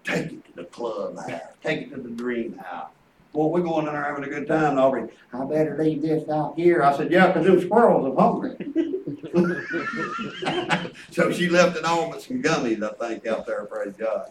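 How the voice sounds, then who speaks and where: A man's voice: mid-range voice, lively intonation, normal speed, slight background noise. An older man preaching a folksy sermon, telling family stories with chuckles and quoting his grandkids. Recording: echoey room picked up from a distance.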